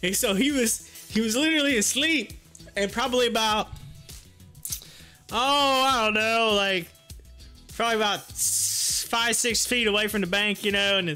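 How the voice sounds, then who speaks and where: High-pitched excitable man hosting a stream. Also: normal speed, soft background music. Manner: excitable, laughs often, hypes the crowd. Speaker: livestream host. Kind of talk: casual live stock-trading stream chat.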